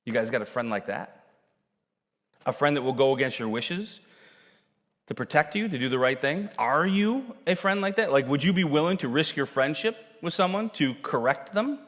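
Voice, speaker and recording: A male pastor preaching a sermon, telling Bible stories with animated acted-out dialogue. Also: a little high, normal speed. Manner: animated storytelling, acting out characters' lines. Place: church sanctuary. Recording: long hall reverb.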